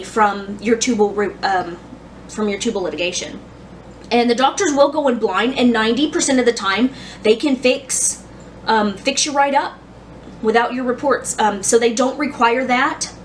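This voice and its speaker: A woman's voice: a little high, far from the mic, slight background noise. A woman in her thirties telling a personal story in a casual vlog, rambling with many restarts and fillers. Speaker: vlogger.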